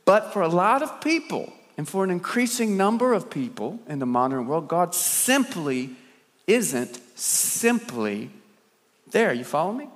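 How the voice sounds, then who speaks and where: A man preaching a sermon as a dramatic storyteller, firing rhetorical questions and swinging between loud and soft. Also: high voice, sing-song, unhurried. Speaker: pastor. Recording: long hall reverb.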